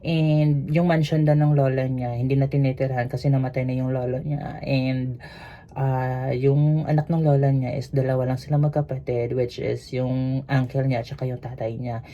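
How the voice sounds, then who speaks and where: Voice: medium pitch, flat delivery, a little fast. A speaker from the Philippines with a Filipino accent, a cruise ship crew member telling a story in a rambling, casual way full of fillers. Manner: rambling, mixes Tagalog and English, many fillers. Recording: dull lo-fi sound with faint hiss.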